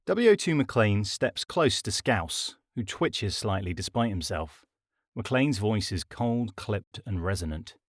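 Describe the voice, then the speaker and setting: A man narrating his own comic audiobook in a wry, deadpan style. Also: fairly low pitch, a little slow, no echo, clean studio sound. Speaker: author and narrator. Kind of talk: scripted comedic audiobook narration.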